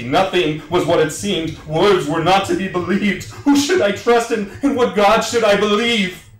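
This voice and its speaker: A man's voice: medium pitch, slight background noise, close to an everyday voice. Macduff, a man playing a brooding immortal warrior. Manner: melodramatic, swings into shouted outbursts. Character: grief-crazed immortal male Scottish warrior, melodramatic. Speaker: actor in a staged reading. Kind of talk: theatrical monologue. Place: theater stage. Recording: roomy, distant mic.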